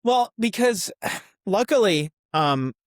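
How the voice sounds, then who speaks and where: A man's voice: high-pitched, animated, slow pace, dry recording, clean studio sound. A man in his twenties, a student guest on a podcast, answering in a friendly, easygoing way with lots of ums. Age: 20s. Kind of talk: casual interview.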